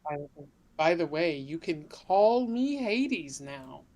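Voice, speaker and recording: A man voicing a sluggish goth teenage boy, drawling slowly and mumbling his lines. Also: fairly high pitch, sing-song, a little mellow, voice pushed up, heavily acted.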